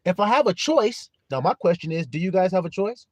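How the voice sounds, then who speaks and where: A man preaching a live-streamed sermon, his pitch leaping high and dropping low as he rises and falls. He reads scripture aloud, quizzes his listeners and laughs between points. The sound is close and dry, with no room echo. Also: a little fast, muffled recording. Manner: animated preaching, greets viewers by name, laughs often.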